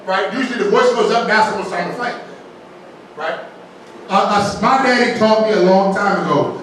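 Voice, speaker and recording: A man's voice: high voice, normal speed, a bit bright. A man preaching a folksy sermon as pastor, mixing jokes into the teaching and often asking "right?". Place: large church sanctuary. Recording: very echoey church, distant mic, faint noise.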